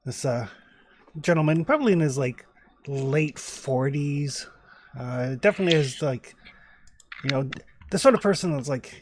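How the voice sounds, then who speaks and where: A man's voice: medium pitch, moderate pace, slight background noise. A man narrating as game master in a tabletop game, in a loose, rambling way with many fillers.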